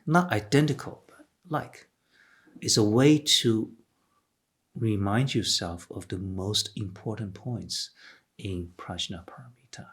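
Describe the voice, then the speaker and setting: Husky, low-voiced man teaching a Dharma lecture. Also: fairly bright tone. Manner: patient, explanatory, with frequent restarts and "okay". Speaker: Buddhist teacher.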